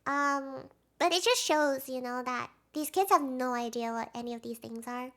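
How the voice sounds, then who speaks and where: Young woman, high bright voice, emotional rambling fan commentary. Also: moderate pace. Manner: emotional and gushing, swings from hushed to excited; rambling, with fillers and restarts. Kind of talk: casual frame-by-frame video commentary.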